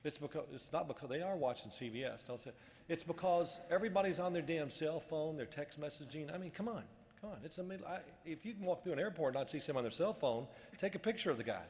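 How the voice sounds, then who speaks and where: A man's voice: a little high, animated, fast talker, darkish tone, long reverb tail. A man giving a casual motivational speech at a luncheon, telling a story in a rambling way with frequent restarts. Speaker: luncheon speaker. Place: luncheon event hall.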